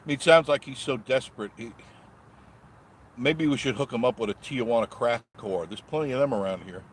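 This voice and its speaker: A man with a medium-pitched voice talks a little fast over a slight hiss or hum while driving down the road. He vlogs from the car, live-streaming casually as he reads viewers' chat comments, rambling and joking.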